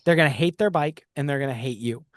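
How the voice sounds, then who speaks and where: A man's voice: medium pitch, fast, no echo. Man, podcast host, reflective storyteller, casual talk, dry close recording. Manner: reflective storytelling, frequent restarts.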